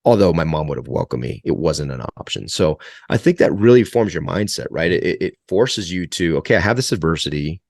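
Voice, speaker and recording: A man's voice: low-pitched, animated, fairly quick, gravelly, few pauses, no echo, studio quality. A man in his forties, a guest in an interview, telling stories in a rambling way with many restarts. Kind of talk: conversational interview storytelling.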